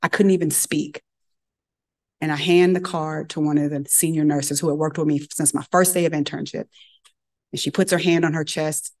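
A woman's voice: low voice, darkish tone. A woman giving a lecture, telling a story and acting out the dialogue in character voices. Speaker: guest speaker at medical grand rounds.

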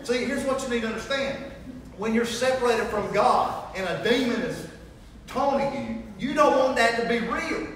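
A man giving a sermon testimony, telling his story in an animated way and acting out the dialogue. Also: extremely high pitch, normal speed, background noise. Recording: echoey hall, mic far off.

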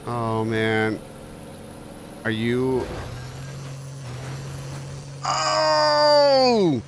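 A man's voice: mid-range voice, expressive, moderate pace, a bit bright, a little hiss or hum. A man streaming a truck-driving game, chatting with viewers and yelping at near misses. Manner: greets chat viewers by name. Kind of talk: live-stream gameplay commentary.

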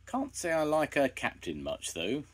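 A man's voice: a little high, wildly swooping pitch, a little slow, a bit bright, voice pushed up, full character voice. A man doing a hearty old sea captain. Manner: hearty, sailor talk.

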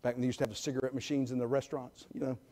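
A middle-aged man preaching a sermon in a church, folksy and emphatic, swinging between loud calls and quiet asides. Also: mid-range voice, level tone, rapid-fire. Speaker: guest preacher. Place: church sanctuary.

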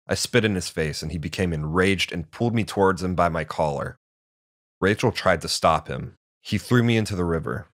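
Deep-voiced male storyteller. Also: normal speed, fairly bright tone, no room sound, studio quality. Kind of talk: first-person storybook narration.

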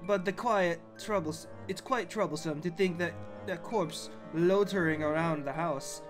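Sly slow-talking salesman, a man doing the voice in a horror game. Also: high voice, over music. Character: mysterious male salesman. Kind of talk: let's play voice reading.

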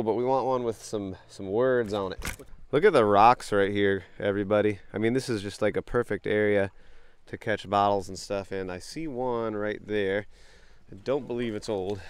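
A young man, chatting excitedly to viewers while wading a creek, sniffling from allergies. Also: on the low side, clear, resonant tone. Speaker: bottle-hunting vlogger. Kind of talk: casual outdoor vlog narration. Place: outdoors in a creek.

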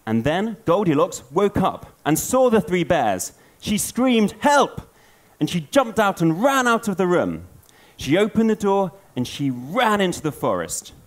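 A man giving a storytelling conference talk, an animated storyteller. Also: sits high, normal speed, few pauses. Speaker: conference speaker.

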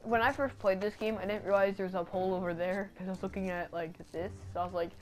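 A woman's voice: medium pitch, steady tone, fast talker, faint music behind. A young woman with a stuffy nose giving blunt, jokey let's-play commentary. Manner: blunt, jokey, swears at the game. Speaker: gaming channel host.

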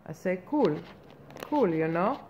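A woman's voice: lowish voice, lively intonation, slow pace, a little mellow. A woman playing a brash, self-important female reporter persona in a satirical comic monologue, ranting in a mock-earnest way with outraged questions. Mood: blustering. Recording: muffled lo-fi recording with faint background noise.

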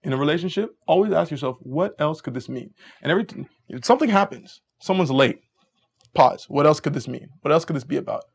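A man's voice: on the high side, fast, vocal fry, breathy edge. A man giving casual dating advice, telling stories and acting out both sides of conversations. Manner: animated storyteller, acts out both sides of conversations. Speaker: dating coach.

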